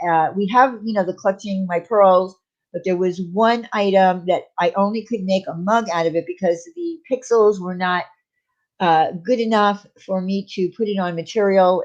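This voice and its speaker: Woman host, casual livestream chat, rambling, full of fillers, slightly dull lo-fi audio. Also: on the low side. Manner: rambling, with many fillers and restarts. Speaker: channel host.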